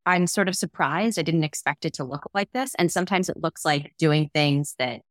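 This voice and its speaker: A woman's voice: low-pitched, normal speed, dry recording. A young adult woman co-hosting a podcast, telling a personal story in an earnest, emotional way. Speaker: podcast co-host. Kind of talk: casual chat.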